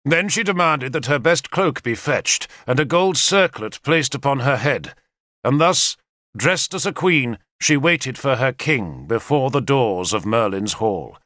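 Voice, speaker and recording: A man reading a historical novel aloud as narrator, in a measured first-person storytelling manner. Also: medium pitch, no echo, clean studio sound. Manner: measured storytelling with lively intonation. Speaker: audiobook narrator.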